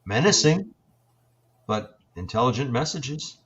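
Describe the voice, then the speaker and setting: A man in his sixties, a paranormal investigator, telling his experiences in a halting, reflective way with many fillers and restarts. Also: medium pitch, sing-song, fairly bright tone, dull audio. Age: 60s. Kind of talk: storytelling in an interview.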